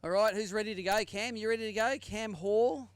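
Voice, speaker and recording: A man's voice: high-pitched, fairly quick, clean tone, dry recording. An Australian man hosting a live fishing tournament weigh-in, joking with anglers and calling out weights and standings. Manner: jokey banter with anglers, announcing weights and standings.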